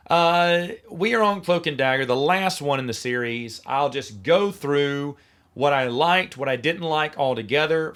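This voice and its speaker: Opinionated man hosting a solo podcast. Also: medium pitch. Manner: opinionated, sarcastic, mocks lines in a flat voice. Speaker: podcast host. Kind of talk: casual solo review monologue.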